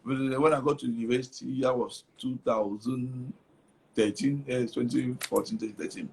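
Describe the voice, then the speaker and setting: A man's voice: mid-range voice, steady tone, normal speed, vocal fry, slight background noise. A young man from Cameroon, telling his story animatedly in an interview, repeating words and slipping into Pidgin. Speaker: comedian guest.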